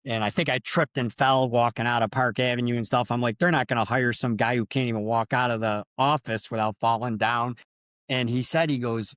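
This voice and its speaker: A man's voice: medium pitch, a bit bright, clear, resonant tone, dry recording, clean studio sound. A middle-aged man, a sports official, telling earnest and emotional stories in an interview. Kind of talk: storytelling interview.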